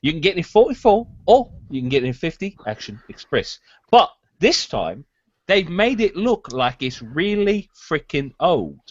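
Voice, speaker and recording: A man co-hosts a casual news podcast in a chatty, sarcastic way. His voice sits fairly high. The dry recording sounds dull and lo-fi. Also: big pitch swings, moderate pace, dry recording. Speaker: podcast co-host.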